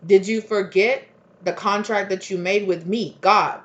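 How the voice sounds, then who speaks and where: A woman voicing a booming, stern divine spirit that scolds a human, slow and solemn. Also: fairly even intonation, lo-fi sound, lightly acted. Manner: slow, solemn, loud reproach.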